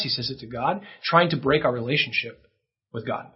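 A man's voice: mid-range voice, a little fast, husky, highs cut off. A man preaching a sermon in an earnest way, his voice rising for emphasis, with a few restarts. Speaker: pastor.

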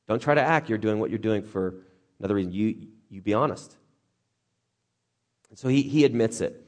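A man preaching a sermon as lively storytelling, joking and acting out the characters. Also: fairly low pitch, a little fast, long pauses. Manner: animated, jokey, acts out characters.

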